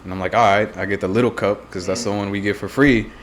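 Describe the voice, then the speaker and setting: A man's voice: lowish voice, steady tone, fast, a little hiss or hum. A young man on a podcast, telling a story with lots of laughing and swearing. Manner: laughs often, swears freely. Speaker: podcast co-host. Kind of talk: casual chat.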